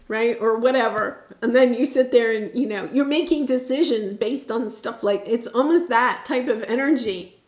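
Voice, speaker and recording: A woman's voice: a little high, normal speed, darkish tone, roomy sound. A woman giving a casual tarot reading, talking in an earnest, reassuring way with many fillers and restarts. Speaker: tarot reader.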